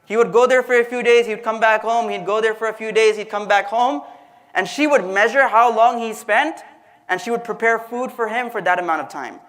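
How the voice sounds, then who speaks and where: A man with a high, fairly bright voice gives a storytelling sermon a little fast, speaking straight to his audience. His religious lecture is conversational, and he acts out the quotes he shares.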